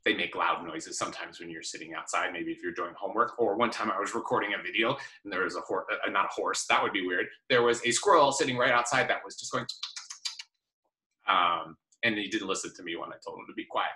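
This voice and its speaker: A man's voice: fairly low pitch, sing-song, moderate pace, bright, forceful tone, echoey room, rough recording. A man teaching a recorded vocabulary lesson in a playful way, repeating words with big exaggerated tones. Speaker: Mandarin teacher.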